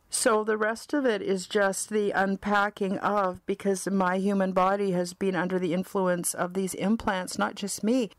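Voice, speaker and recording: A woman's voice: mid-range voice, dry recording. Middle-aged Canadian woman, earnest heartfelt testimonial, dry close recording. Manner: earnest, heartfelt, repetitive phrasing. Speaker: spiritual counselor and vlogger. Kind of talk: personal testimonial talk.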